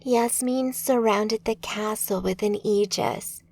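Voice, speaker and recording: Woman narrator doing a calm, capable mage ally, hushed and slow. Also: mid-range voice, creaky.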